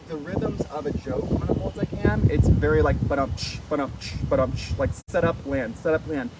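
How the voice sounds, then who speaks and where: Chatty man with lots of background noise. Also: fairly high pitch. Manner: chatty, animated, filler-heavy, laughs easily. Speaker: author guest. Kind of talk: casual conversation on stage. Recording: noisy live event audio.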